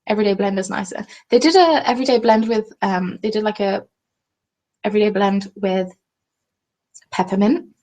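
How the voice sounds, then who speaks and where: A woman's voice: mid-range voice, moderate pace, pauses often, a little mellow. A woman in her twenties with a southern English accent, chatting casually and rambling on a live stream while answering viewers' comments between lots of ums. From southern England. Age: 20s. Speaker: craft channel host.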